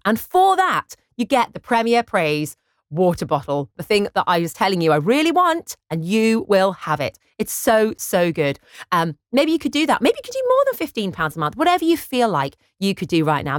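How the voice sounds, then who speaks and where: A woman's voice: medium pitch, no echo, clean studio sound. A woman presenting on Christian radio, making an upbeat fundraising appeal to listeners. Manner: upbeat, lively, persuasive. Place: radio studio.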